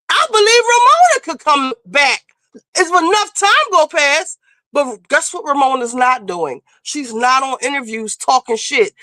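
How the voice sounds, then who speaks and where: Blunt, high-pitched woman streamer scolding. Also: bright, forceful tone, no room sound. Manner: blunt, profane, lecturing; emphatic, scolding. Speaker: streamer host. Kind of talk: casual commentary.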